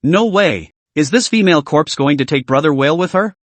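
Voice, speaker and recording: A man's voice: on the high side, lively intonation, a little fast, dry recording. A man voicing a frightened young man who talks in a panicky, fretful way. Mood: panicked.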